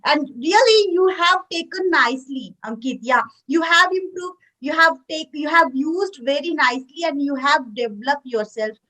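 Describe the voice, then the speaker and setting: A woman's voice: sits high, expressive, moderate pace, few pauses, pushed and bright, low-quality recording. A woman hosting a video call, encouraging her guest and often repeating words as she asks questions. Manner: encouraging, repeats words, non-native phrasing. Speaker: host, English teacher.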